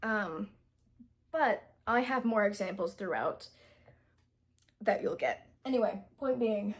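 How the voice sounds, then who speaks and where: A woman's voice: medium pitch, slow. A young woman casually reviewing a book to camera, chatty and self-deprecating, full of fillers and restarts, and stumbling over words when she reads passages aloud.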